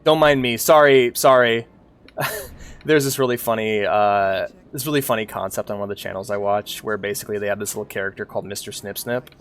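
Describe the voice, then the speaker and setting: A man's voice: fairly low pitch, a little fast, fairly bright tone, clean tone. A young adult man streaming a game, ranting casually and animatedly, swearing and laughing often. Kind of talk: casual rant while gaming.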